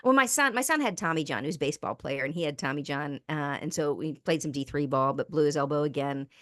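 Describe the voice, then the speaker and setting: A woman talks through a podcast interview, telling stories with animation and acting out the people in them. Her voice sits fairly low for a woman, and the sound is dry and close. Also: fast, no room sound. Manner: animated storyteller, acts out quoted people. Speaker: guest speaker and author.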